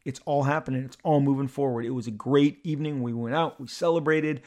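A middle-aged man hosting a podcast, telling a personal story in an animated, halting way with many repeated words. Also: medium pitch. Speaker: podcast host.

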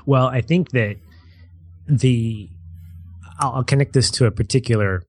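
A man's voice: medium pitch, unhurried, a little mellow, husky, no echo. A man co-hosting a casual movie discussion, thoughtfully recalling scenes at length. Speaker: podcast co-host.

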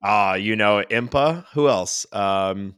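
Bright-voiced man, dry self-mocking chat. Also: on the low side, a little slow, clear, resonant tone, dry recording. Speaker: podcast co-host. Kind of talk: casual chat.

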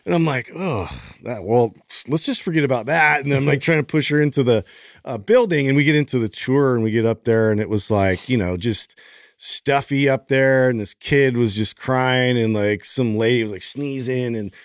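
A man on a podcast telling a long, rambling story and jumping into little voices for the people in it. His voice is mid-pitched, and the room is dry and close. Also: normal speed, clear, resonant tone, no echo. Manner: animated, acts out voices in his stories. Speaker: podcast co-host. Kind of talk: casual storytelling chat.

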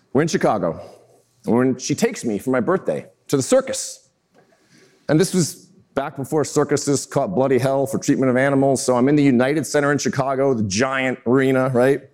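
Animated man in his fifties telling stories. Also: medium pitch. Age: 50s. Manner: animated, self-mocking storyteller who acts out scenes. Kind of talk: keynote-style storytelling talk.

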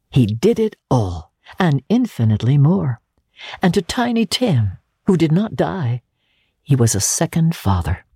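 Woman narrator, low and husky, lively pitch, slow and dark, audiobook. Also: dry recording, clean studio sound. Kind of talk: dramatic audiobook reading.

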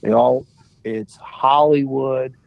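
A man in his sixties, a podcast guest telling animated anecdotes and laughing as he goes. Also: medium pitch, slow, creaky, dry recording, muffled recording. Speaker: guest, former soccer player. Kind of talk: casual storytelling.

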